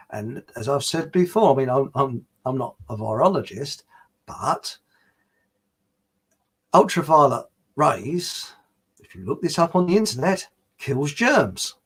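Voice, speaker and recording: A man's voice: a little high, slightly rough. A man hosting a livestream, chatting casually and rambling through anecdotes and viewer comments with plenty of fillers and restarts.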